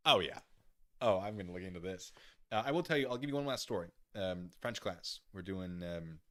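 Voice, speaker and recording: Lively, laughing male streamer. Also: deep voice, brisk. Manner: giggly, chatty, rambling. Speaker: livestream host. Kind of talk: casual live-stream chat, reading chat aloud.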